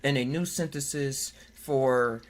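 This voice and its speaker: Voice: medium pitch, slow. A podcast host in casual chat who jokes, laughs often, reads articles aloud and stumbles over words.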